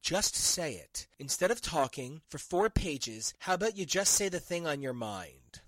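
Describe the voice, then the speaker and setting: A man hosting a comic book review podcast, talking in a sarcastic, animated way with some swearing. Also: fairly high pitch, a little slow, dry recording. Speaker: podcast host.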